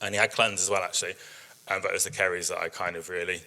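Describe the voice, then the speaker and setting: A man in his thirties gives a relaxed workshop talk, rambling through stories about his sheep with plenty of ums. His voice sits a little low but sounds bright and forceful. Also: very fast. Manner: chatty storytelling with many fillers. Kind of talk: presentation with slides.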